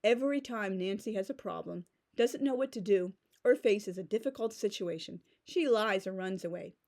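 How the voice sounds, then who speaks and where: A woman's voice: mid-range voice, moderate pace, darkish tone. Sarcastic woman ranting about a book. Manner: sarcastic, exasperated. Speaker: book reviewer.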